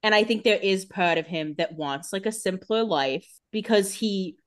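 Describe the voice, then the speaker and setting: A woman's voice: mid-range voice, normal speed. A woman co-hosting a podcast, recapping a TV episode in casual chat, chatty and analytical with a wry edge. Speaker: podcast co-host.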